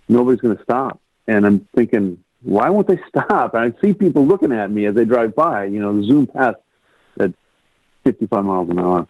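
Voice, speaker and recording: A man, a guest on a podcast, telling a personal story in an animated way. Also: lowish voice, no echo. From Rockford, Illinois, US. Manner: animated storyteller, acts out quoted lines in a raised voice. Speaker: guest, music producer. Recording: tinny phone-like line, dry.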